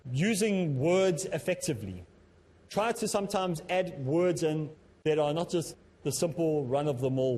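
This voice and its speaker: A man presenting a televised lesson on public speaking, talking in a measured, instructive way that he himself calls a bit monotonous. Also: a little high. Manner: self-described as a bit monotonous. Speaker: Islamic teacher and TV presenter.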